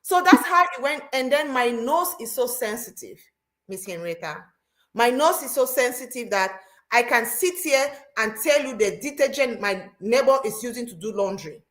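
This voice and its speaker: A woman telling stories in casual chat as a host, animated and often repeating herself. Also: a little high, moderate pace. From Cameroon.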